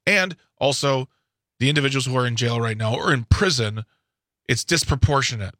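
Emphatic, bright-voiced male radio co-host. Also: medium pitch, moderate pace, dry recording, studio quality. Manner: opinionated, emphatic, rambling. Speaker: radio talk show co-host. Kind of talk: radio talk show discussion.

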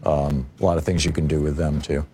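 A man hosting a radio call-in show, brisk and casual. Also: rumbling low, little pitch movement, warm tone, slight background noise. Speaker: radio host.

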